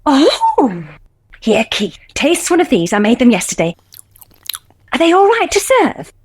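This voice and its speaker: Flustered fussy lady, high and sing-songy, bit husky, radio comedy. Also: huge pitch swings, a little slow, full character voice. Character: fussy middle-aged woman helping run a nativity. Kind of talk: comedy radio sitcom acting.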